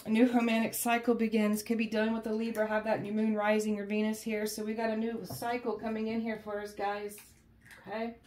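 A woman reads tarot for her followers in a loose, chatty way, tagging "okay?" and "guys" onto her thoughts. She sounds emotionally shaken and holds back tears. Her voice sits at a middle pitch and bounces around an echoey room at home, with faint noise behind her. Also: monotone, brisk. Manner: chatty, often ends phrases with "okay?" and "guys". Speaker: tarot reader. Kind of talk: casual tarot reading to camera. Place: indoors at home, with a cat nearby.

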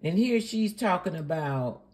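A woman's voice: on the low side, lively intonation, a little slow, darkish tone. A woman hosting a reaction channel, commenting sarcastically and indignantly on a preacher's clip.

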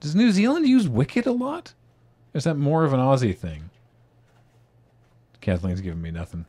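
A man's voice: mid-range voice, very animated, moderate pace, dark tone. A man hosting a casual podcast panel, reading out listener suggestions and laughing often.

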